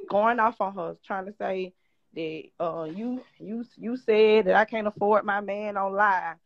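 A woman's voice: medium pitch, steady tone, a little slow, no echo. Woman asking questions over dull phone audio. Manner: probing, persistent questions. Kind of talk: questioning on a livestream.

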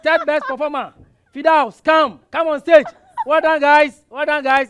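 A man with a Ghanaian English accent and a strikingly high voice calls out results as a judge on a televised cooking show. He repeats himself loudly and jovially, and faint noise sits behind him. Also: fairly even intonation, moderate pace. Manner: loud, repetitive, jovial.

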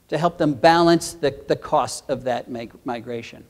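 An older man gives a conference keynote in an earnest, explanatory tone. His voice sits a little high for a man. He often restarts his phrases as he works through each point. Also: animated, moderate pace, a little mellow. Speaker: keynote speaker, entomology professor.

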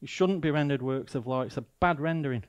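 A man's voice: medium pitch, a little fast, smooth. A man with a Mancunian accent preaching a sermon as a guest speaker, emphatic and full of rhetorical questions.

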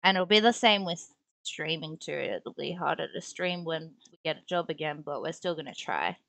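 A woman's voice: low voice, lively intonation, normal speed, vocal fry, a bit bright, no echo. A young woman streamer chatting casually and playfully while building tiny block figures, talking to herself as she works.

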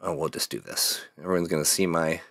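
A man's voice: low voice, steady tone, a little fast, creaky, fairly bright tone, dry recording, studio quality. A man hosting a casual livestream chat, laughing often and rambling through stories. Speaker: host.

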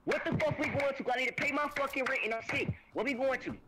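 A man's voice: very high-pitched, fast. A man trash-talking an opponent over a voice call, profane and taunting, his speech drawn out and slurred. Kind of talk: heated trash talk over voice chat. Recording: noisy voice chat audio.

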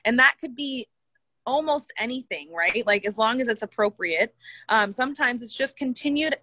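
Woman webinar presenter, bright and animated, dry close video-call sound. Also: a little high, normal speed, dry recording. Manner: animated, laughs easily, talks through examples. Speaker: co-host presenter.

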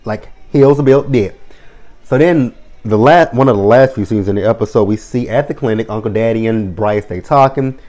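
Animated, profane man recapping a show. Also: lowish voice, moderate pace, soft background music. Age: 30s. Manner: animated, swears freely, acts out characters' lines. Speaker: TV episode reviewer. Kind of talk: casual profane episode recap.

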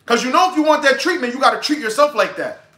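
A man's voice: very high-pitched, expressive, fast, pushed and bright, reverberant. A young man giving brash, profane dating advice in a casual livestream monologue.

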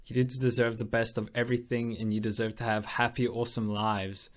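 A young man hosting a gaming video, gushing and rambling as he thanks his viewers, stumbling over his words and giggling. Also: mid-range voice. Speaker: gaming channel host. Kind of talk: casual vlog commentary over mobile gameplay.

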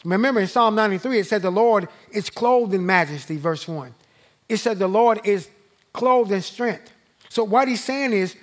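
A man leading a church Bible study, slow and emphatic, repeating key phrases and rising when he reads scripture aloud. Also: high-pitched, animated. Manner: rises and slows when reading scripture aloud. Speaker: pastor teaching Bible study.

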